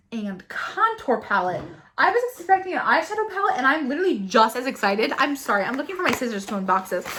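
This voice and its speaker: A young woman beauty vlogger unboxing products in an excited chat, gasping and gushing as she goes. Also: fairly high pitch, a little hiss or hum.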